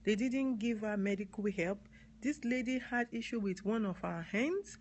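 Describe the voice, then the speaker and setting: A woman's voice: fairly high pitch, moderate pace, darkish tone, slight background noise. A woman from Nigeria with a Nigerian accent, talking earnestly on a live stream, repeating key words and spelling some out. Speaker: advocate live-streaming to viewers. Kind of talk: live-stream talk answering comments.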